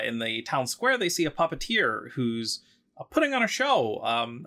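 Bright-voiced chatty male podcaster. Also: mid-range voice. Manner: chatty, full of ums and likes, voices quotes loosely. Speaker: podcast co-host retelling a story. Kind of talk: casual podcast chat.

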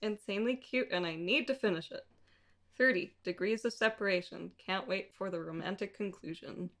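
A woman's voice: mid-range voice, moderate pace, a bit bright. A woman in a casual podcast chat, ranking games and giggling at her own jokes. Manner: giggly, self-deprecating. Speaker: podcast co-host.

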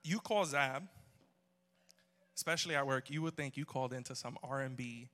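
A man's voice: mid-range voice, moderate pace, noisy background. A man preaching a humorous sermon, telling jokey stories and bantering with the congregation. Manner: joking, storytelling, audience banter. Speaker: pastor. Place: church hall. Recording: long hall reverb.

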